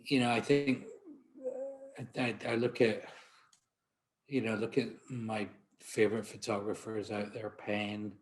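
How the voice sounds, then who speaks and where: Glaswegian man telling anecdotes, low voice. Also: lively intonation, measured pace, long pauses. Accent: Scottish, Glaswegian. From Glasgow, Scotland. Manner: chatty, self-deprecating storyteller with frequent restarts. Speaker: portrait photographer giving a conference talk. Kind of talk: anecdotal presentation.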